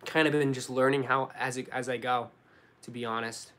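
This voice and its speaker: Young man, Boston accent, live-stream chatter, relaxed slangy delivery, mid-pitched voice. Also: normal speed. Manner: relaxed, slangy, says dude and bro a lot. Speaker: sneaker YouTuber answering live chat. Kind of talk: casual live stream chat.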